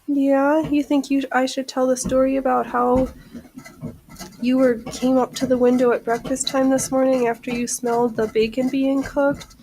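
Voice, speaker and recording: A woman's voice: little pitch movement, normal speed, dark tone, poor audio. A woman hosting a casual sewing stream, chatting and joking about herself as she stitches. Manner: chatty, self-mocking, talks to her cat in a high baby voice. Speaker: channel host. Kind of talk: casual sewing livestream chat.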